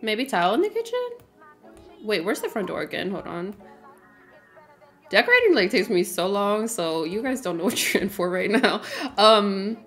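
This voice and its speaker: A woman's voice: mid-range voice, very animated, normal speed, pauses often, fairly bright tone, soft background music. A woman livestreaming a game, chatting casually, with lots of fillers, frequent laughs and greetings to her viewers. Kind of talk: casual livestream chat while playing.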